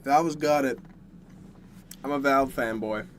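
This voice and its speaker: Slight background noise accompanies a young Canadian streamer who rambles casually to viewers from a dark bedroom between bites of food. His pitch sits in the middle and his pace is slow.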